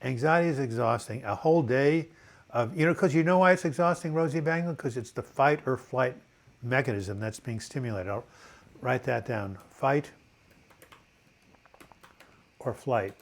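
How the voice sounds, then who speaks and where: A man's voice: medium pitch, normal speed, gravelly, pauses often. An older man hosting a casual live video chat with a dry cough, reading viewers' comments aloud and telling corny jokes.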